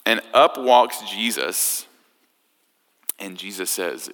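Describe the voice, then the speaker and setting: A man preaching a sermon, telling a story in a conversational, animated way. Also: lowish voice, unhurried, clear, resonant tone. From United States. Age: 30s. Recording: echoey hall.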